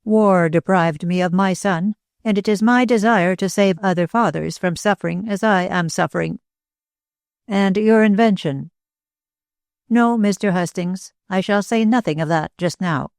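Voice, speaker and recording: A woman voicing a small, intense older male inventor who speaks in a grave, deliberate way in an audiobook. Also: mid-range voice, gravelly, a little mellow, no room sound, clean studio sound.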